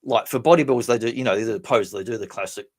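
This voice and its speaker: A man's voice: mid-range voice, rapid-fire, a little mellow. A man from New Zealand hosting a casual livestream chat, rambling, chatty, laughing often and swearing freely. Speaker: livestream host.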